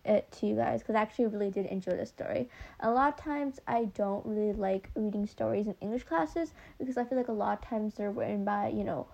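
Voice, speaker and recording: A woman's voice: mid-range voice, gravelly, a little mellow. A young woman hosting a casual book podcast, talking with a slight lisp from retainers and many filler words. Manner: chatty, many ums and likes. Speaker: podcast host.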